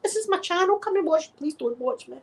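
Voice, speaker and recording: A woman's voice: very high voice, expressive, brisk. A middle-aged Scottish woman with a sore throat, chatting casually to her viewers and laughing often as she tells stories. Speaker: YouTube vlogger. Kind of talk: rambling casual chat to viewers.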